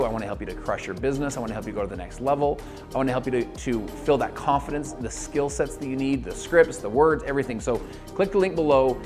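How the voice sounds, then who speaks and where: An energetic man coaches his viewers straight to camera, mid-pitched and fast-moving. He acts out the voices of the people in his stories. A faint bed of music plays under him. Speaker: network marketing coach. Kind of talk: motivational video talk.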